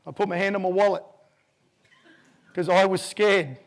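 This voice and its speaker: Man, 50s, keynote speaker; lively storyteller with a high, gravelly voice. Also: normal speed. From Australia. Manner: vivid, animated storyteller who acts out voices.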